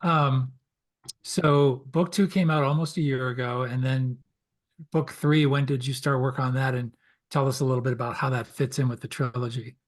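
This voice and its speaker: A man's voice: mid-range voice, fairly even intonation, normal speed. A man hosting an interview, asking an author questions and encouraging him. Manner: friendly, encouraging prompts. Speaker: interview host.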